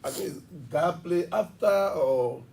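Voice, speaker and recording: A man's voice: high voice, vocal fry, a little mellow, far from the mic. A man, an education official explaining at length in a TV interview. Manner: fast, emphatic explaining with examples. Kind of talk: television interview.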